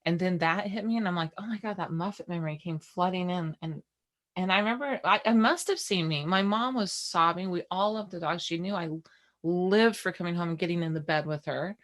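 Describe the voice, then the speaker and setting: A woman's voice: on the low side, fairly quick, fairly bright tone. A middle-aged woman co-hosting a podcast, telling a personal story in candid casual chat with many restarts. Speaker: podcast co-host.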